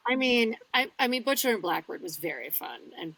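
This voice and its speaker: A woman's voice: on the high side, big pitch swings, brisk, fairly bright tone, no room sound, poor audio. A woman who narrates audiobooks, chatting in an interview and searching for her words as she talks. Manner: searching for words, repeats herself. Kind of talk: casual interview chat.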